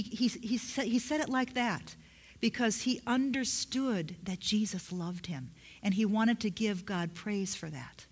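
A woman preaching a sermon in a storytelling way, correcting herself as she goes and sinking to soft whispers to stress a point. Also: mid-range voice. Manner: drops into soft whispers for emphasis; storytelling, with self-corrections and restarts.

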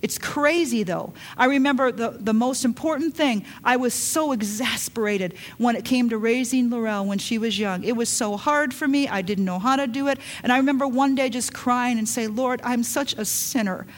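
Emphatic woman preacher, fairly high voice. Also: normal speed, few pauses. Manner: emphatic, swings from soft hushed lines to loud urgent calls. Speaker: pastor. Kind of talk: sermon.

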